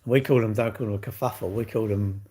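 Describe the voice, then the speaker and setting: A man's voice: lowish voice, steady tone, quick pace, warm tone, slightly rough. A man in his sixties, chatting casually on a live stream with viewers, cheeky and bantering with the odd swear word. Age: 60s. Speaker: livestream host.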